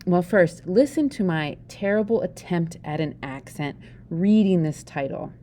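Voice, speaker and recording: Woman w/ pennsylvania dutch accent doing a jokey chatty lesson, lowish mellow voice. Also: expressive, measured pace, a little hiss or hum. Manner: chatty, joking, asks the listener questions. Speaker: teacher. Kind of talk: informal video lesson.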